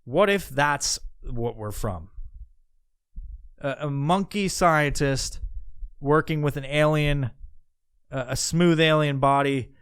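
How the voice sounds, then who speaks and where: A man's voice: fairly high pitch, slow pace, long pauses, a bit bright, clear, resonant tone, dry recording, clean studio sound. A man hosting a podcast, musing aloud in a meandering, profane way, with many restarts and asides. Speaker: podcast host. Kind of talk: casual rambling monologue.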